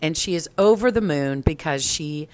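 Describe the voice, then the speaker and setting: A woman's voice: deep voice, animated, moderate pace, darkish tone. A middle-aged woman chatting on a podcast, her voice leaping up and down as she tells a story. She laughs easily and talks with bubbly animation. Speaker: podcast co-host. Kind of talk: casual chat.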